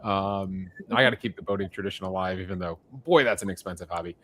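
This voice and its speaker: A man's voice: deep voice, fast, a bit bright, a little hiss or hum. A man co-hosting a podcast, talking in a casual, chatty way and laughing often. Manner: chatty, laughs often, tells jokes with put-on voices. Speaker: podcast co-host. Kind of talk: casual chat.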